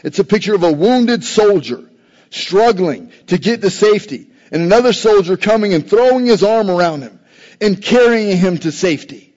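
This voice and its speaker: A man's voice: high voice, expressive, normal speed, a little mellow. A man preaching a sermon as pastor, earnest and building emphasis on scripture quotes. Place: church sanctuary. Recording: dull, long-reverb church recording.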